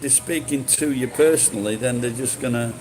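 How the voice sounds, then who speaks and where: A man's voice: mid-range voice, brisk, a little mellow, a little hiss or hum, rough recording. Casual sweary man, rambling with many false starts. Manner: rambling, sweary, frequent restarts. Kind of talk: casual chat.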